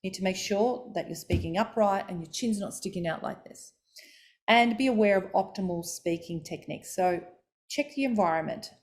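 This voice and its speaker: A woman giving a voice coaching talk, demonstrating pitch and stress exercises aloud as she explains them. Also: moderate pace.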